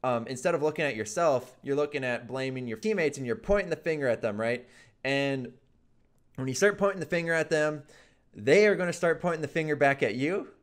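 A man's voice: fairly high pitch, brisk. A man talking casually and earnestly about a video game, rambling with lots of fillers. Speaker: gaming YouTuber. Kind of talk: casual advice monologue.

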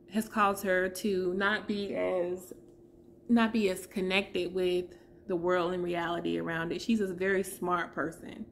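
A woman in her thirties giving a heartfelt personal testimony as a vlogger, pausing to search for her words. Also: medium pitch, a little hiss or hum.

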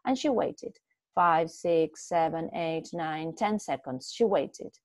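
A woman reading a short story aloud in a steady, expressive way, with a few small slips. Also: low-pitched, slow pace, dry recording. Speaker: story reader.

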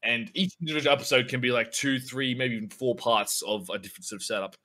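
A man co-hosting a podcast in casual chat, excitable and rambling, swearing a lot as he talks. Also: medium pitch, quick pace. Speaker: podcast co-host.

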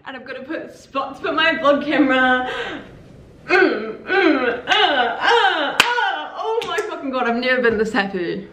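Gushing young woman vlogger, high voice. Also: slow, background noise. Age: young adult. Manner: excited, swearing, tearful gushing. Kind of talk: casual vlog.

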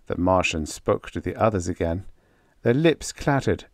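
A man narrating a science fiction short story as an audiobook, reading slowly and deliberately. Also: sits low, expressive, no echo, studio quality. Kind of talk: scripted narration.

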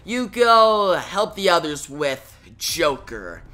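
A comic reviewer voicing an earnest male superhero in a slightly lowered, reassuring tone. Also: sing-song, slow, bright, forceful tone, heavily acted.

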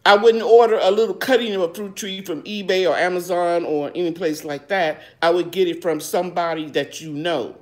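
A woman's voice: lowish voice, fairly even intonation, fairly quick, few pauses. A woman hosting a live gardening chat. She reads viewers' questions aloud and answers them in a homey, loose way, calling people baby. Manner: loose, with fillers and restarts. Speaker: gardening show host.

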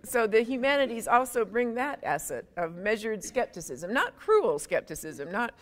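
A woman's voice: mid-range voice, animated, normal speed. A woman giving a public university lecture in a conversational way, with wry, self-deprecating humor and frequent asides.

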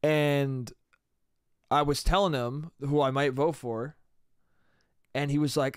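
Young male comic, solo podcast ramble, raised pitch, dead-dry close mic, loose and profane. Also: moderate pace, clear, resonant tone, dry recording. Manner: rambling, casual, swears a lot, trails off with "I don't know". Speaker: podcast host. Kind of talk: solo comedic podcast monologue.

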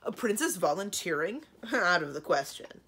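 A woman's voice: on the low side, expressive, normal speed, a bit bright, slightly rough, heavily acted. A woman doing a grumpy, scornful dragon. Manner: scornful, snorting.

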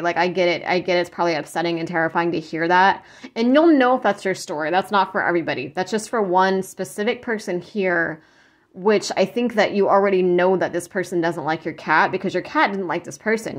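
A woman giving a casual psychic tarot reading, talking in a rambling, earnest way with many restarts and fillers, and openly moved as she speaks. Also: fairly low pitch. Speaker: tarot reader.

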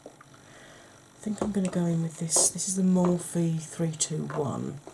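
A woman with a husky, croaky voice hosts a soft-spoken ASMR makeup tutorial, chatting gently to her viewers. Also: on the low side, takes it slowly, slight background noise. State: husky, croaky voice from a sore throat.

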